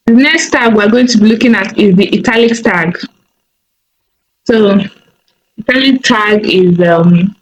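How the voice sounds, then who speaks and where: A woman teaching a coding tutorial over a screen recording, thinking aloud slowly with many fillers and small self-corrections. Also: mid-range voice, lo-fi sound, slight background noise.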